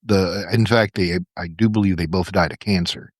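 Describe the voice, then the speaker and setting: Male co-host, lowish voice, explainer, enthusiastic and profane; dry recording. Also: fairly even intonation, normal speed, no echo. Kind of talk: casual chat.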